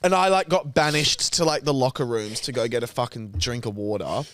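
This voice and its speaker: A young man, co-hosting a podcast, telling a story in casual chat, animated and sweary, acting out other people's lines. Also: medium pitch, brisk. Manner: animated, sweary, acts out quotes. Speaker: podcast co-host.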